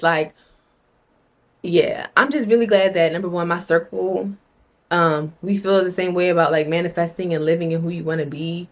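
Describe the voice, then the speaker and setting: A woman's voice: on the low side, steady tone, moderate pace. A young adult woman talking to camera in a casual motivational vlog, blunt and emphatic, swearing freely and repeating phrases for emphasis. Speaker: vlogger.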